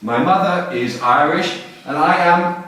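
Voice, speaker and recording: A man in his sixties with an English accent, teaching a class in simple, slow phrases and often checking that students follow. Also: on the high side, fairly bright tone. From England. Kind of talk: classroom lesson. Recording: echoey classroom, mic far off.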